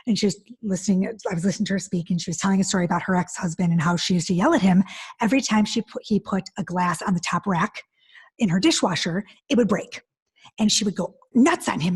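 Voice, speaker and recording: A woman guest on an interview podcast, telling stories in an animated, expressive way. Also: medium pitch, fast talker, breathy edge. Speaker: divorce specialist guest. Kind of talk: conversational interview.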